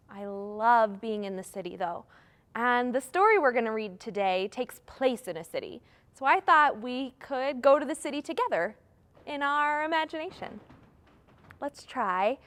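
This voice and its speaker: A woman's voice: on the high side, lively intonation, unhurried, fairly bright tone. A young woman leading a live children's story time, talking in a singsong, encouraging way to young children.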